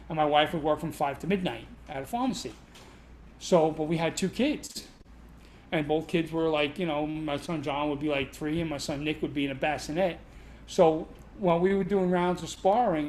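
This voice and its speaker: A man's voice: a little high, a little hiss or hum. A middle-aged man, casually telling laughing, profane stories about his martial arts past. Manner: animated, laughing, profane anecdotes. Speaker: guest martial arts instructor. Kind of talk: casual storytelling chat. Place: martial arts school in New York City.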